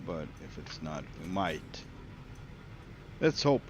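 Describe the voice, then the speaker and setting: A man's voice: a bass voice, slow. A man with a Swedish accent, a streamer chatting casually and joking while playing a driving game. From Sweden. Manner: relaxed, joking, thinks aloud. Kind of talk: casual gameplay commentary. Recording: loud engine noise under the voice.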